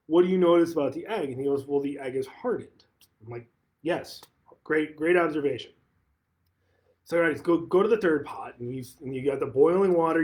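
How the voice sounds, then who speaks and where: A man's voice: a little high, a little mellow. A man who manages a real estate office, talking casually on a livestream and retelling a conversation, often repeating and restarting phrases.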